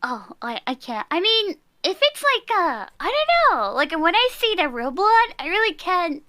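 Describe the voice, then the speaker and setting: Very high, lively young woman chatting. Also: normal speed, no echo, studio quality. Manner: hesitant, searching for words, many fillers. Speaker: streamer guest. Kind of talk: casual chat.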